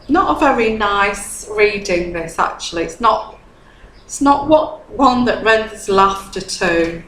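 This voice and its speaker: A woman's voice: medium pitch, slow pace, a bit bright. A woman doing a casual tarot reading. She repeats her phrases, keeps asking "okay?" and sounds a little tipsy. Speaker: tarot reader. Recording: echoey room with faint background hum.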